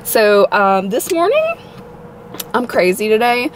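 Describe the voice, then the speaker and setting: A woman vlogging casually into her phone, chatty and gushing with excitement. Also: on the high side, takes it slowly, slight background noise, low-quality recording. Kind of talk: casual vlog chat.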